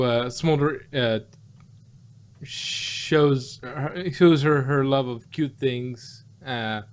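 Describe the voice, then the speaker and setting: Rambling man recapping an episode. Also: mid-range voice. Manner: rambling, many fillers and self-corrections. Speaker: podcast host reviewing cartoon episodes.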